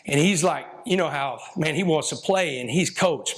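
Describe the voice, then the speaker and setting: A man's voice: fairly high pitch, moderate pace, hardly any pauses, a bit bright. Folksy man, older coach. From Texas. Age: 50s. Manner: folksy, emotional, rambling. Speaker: football coach giving a talk. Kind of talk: speech to an audience.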